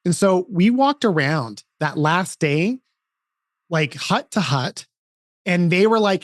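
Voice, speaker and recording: Animated man telling a story, dry sound. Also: high voice, slow pace, no room sound. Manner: animated storytelling with frequent restarts. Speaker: podcast host. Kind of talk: casual podcast conversation.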